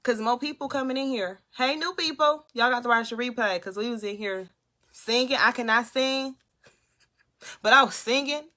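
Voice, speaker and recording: A woman's voice: fairly high pitch, moderate pace, sharp tone. A young woman hosting a casual live stream from her room, chatting and reading viewers' comments aloud. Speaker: motivational livestream host. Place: home room.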